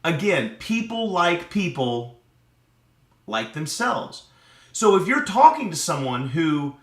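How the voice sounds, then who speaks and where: A man teaching a lesson on building rapport, animated, often checking with "right?". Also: fairly high pitch, slow pace. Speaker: sales and relationship coach. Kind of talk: teaching talk to camera. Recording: echoey room.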